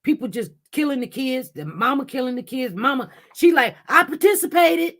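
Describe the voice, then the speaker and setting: A woman's voice: high-pitched, animated, a little fast, fairly bright tone. A woman hosting a casual livestream, talking straight to her viewers in an impassioned, repetitive way. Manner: impassioned, repetitive, talks directly to chat. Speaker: livestream news host.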